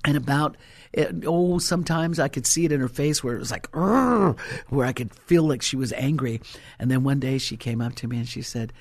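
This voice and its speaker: A man's voice: mid-range voice, a little fast, no echo. A male pastor preaching an impassioned sermon and telling stories to his congregation.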